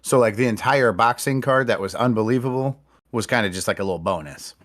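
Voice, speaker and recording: A man's voice: mid-range voice, brisk, a bit bright. A man hosting a podcast, telling stories in casual chat and swearing freely. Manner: storytelling with heavy profanity. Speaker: podcast host.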